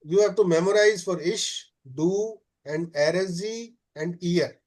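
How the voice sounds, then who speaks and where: High-voiced teacher. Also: male voice, darkish tone. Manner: explains slowly, checks with frequent "okay?"; many "uh" fillers. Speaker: German teacher. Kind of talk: live class lesson.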